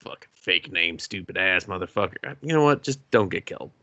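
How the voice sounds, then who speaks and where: A man's voice: deep voice, animated, brisk, pushed and bright, no echo, dull audio, pitched below the performer's own voice, full character voice. A man voicing an exasperated ghost father who scolds his grown son in a profane, mocking rant.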